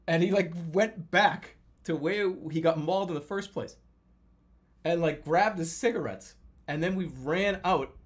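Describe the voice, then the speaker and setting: Animated young man telling dream stories. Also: sits high. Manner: animated storytelling, acts out quotes with profanity. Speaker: streamer. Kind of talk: casual chat.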